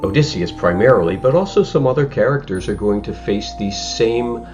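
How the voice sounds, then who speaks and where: Male teacher, very low voice, relaxed explanatory delivery with fillers; slightly dull recording with music behind. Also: brisk. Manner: explanatory, conversational with frequent fillers. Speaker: high school English teacher. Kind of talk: recorded remote lesson.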